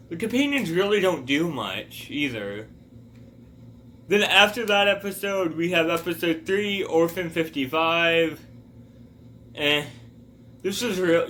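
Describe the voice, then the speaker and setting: A man's voice: on the high side, bright, forceful tone, a little hiss or hum. A man talking casually in a rambling review, wandering off on tangents. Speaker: video reviewer.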